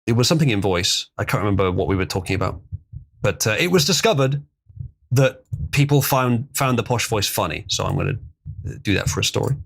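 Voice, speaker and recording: A man's voice: lowish voice, expressive, fairly quick. A man hosting a casual livestream, chatting loosely with chuckles as he reads out viewer donations. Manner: rambling, chuckling, reading out donations. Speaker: livestream host.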